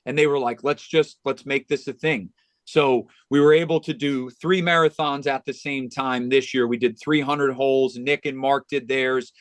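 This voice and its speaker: An earnest man in a podcast interview tells a story from the heart, stumbling into restarts and filling gaps with "you know". His voice sits at an ordinary middle pitch. The recording is close and dry. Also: steady tone, normal speed, few pauses, no echo. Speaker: golf club director of instruction, podcast guest.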